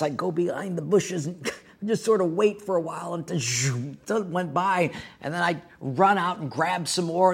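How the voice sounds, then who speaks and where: Middle-aged pastor, male, slightly high husky voice, folksy sermon storyteller with a wry humor. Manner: folksy, self-deprecating humor.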